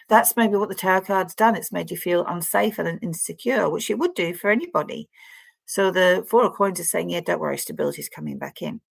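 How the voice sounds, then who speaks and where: Low gravelly woman reading tarot. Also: dry recording. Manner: chatty and rambling, addresses the viewer directly. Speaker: tarot reader. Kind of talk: casual tarot card reading to camera.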